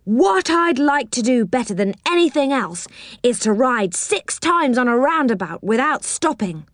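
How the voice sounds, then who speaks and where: A woman voicing an excitable young boy in a read-aloud story, sounding wondering and breathless. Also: high voice, a little slow, no room sound, studio quality, pitched above the performer's own voice. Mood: excited.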